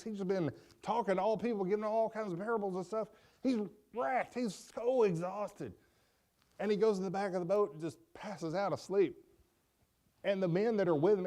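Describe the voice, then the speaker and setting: A man teaching a Sunday school class in an informal, animated way, acting out quotes with folksy asides. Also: high voice.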